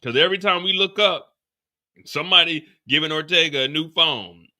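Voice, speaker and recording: A man hosting a live TV after-show, ranting in an animated, profane way. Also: on the high side, normal speed. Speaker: host.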